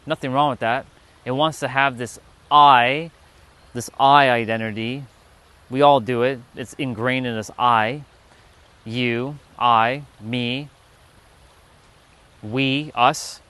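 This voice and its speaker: Casting: a man streaming outdoors, casual and profane spiritual storyteller, mid-pitched voice. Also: steady tone, slow pace, long pauses, bright, forceful tone, clean tone. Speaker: livestream host. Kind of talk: spiritual talk to a live chat. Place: outdoors, sitting on a rock.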